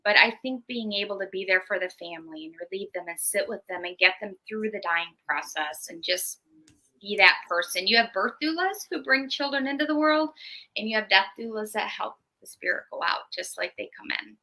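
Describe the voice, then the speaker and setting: Woman, interview guest, death doula, bright tense tone, earnest. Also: mid-range voice, expressive, a little fast, poor audio. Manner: earnest, gentle explaining. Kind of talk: interview talk.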